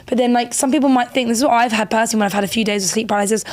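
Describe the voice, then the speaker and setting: A young woman co-hosting a podcast, telling stories in an animated, fast casual chat. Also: a little high. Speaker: podcast co-host.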